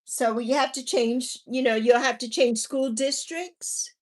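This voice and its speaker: A woman's voice: fairly high pitch, steady tone, unhurried. A woman in her forties hosting a casual livestream, chatting with viewers and telling family stories. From Virgin Islands. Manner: chatty, warm with viewers, drifting into personal stories. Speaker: livestream host. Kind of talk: casual livestream chat, reading viewer comments.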